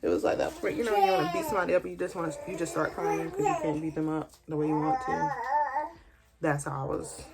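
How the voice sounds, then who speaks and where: A young woman telling a casual, lively story while doing her makeup, slipping into colloquial speech and acting out the people she quotes. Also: on the low side, quick pace, vocal fry, a loud crowd. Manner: animated, colloquial, acts out quotes. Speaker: beauty vlogger.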